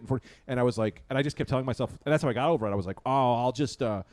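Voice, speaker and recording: A man's voice: medium pitch, quick pace, dry recording. A young man co-hosting a casual podcast, telling a childhood story with lots of laughter and acted-out voices. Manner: laughing, animated storyteller acting out his younger self. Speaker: podcast co-host.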